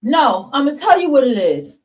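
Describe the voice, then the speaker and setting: High-voiced, impassioned woman livestream host. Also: very animated, fairly quick, a little mellow, distant mic, rough recording. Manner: impassioned, blunt, swears, addresses viewers as y'all. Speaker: podcast host. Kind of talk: livestream monologue to chat.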